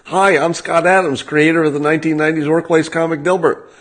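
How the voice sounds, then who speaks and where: A man's voice: a little high, steady tone, fairly quick, fairly bright tone, pitched above the performer's own voice, close to an everyday voice. A man putting on the voice of a snide, sarcastic male internet critic who speaks in a mock-cheerful way.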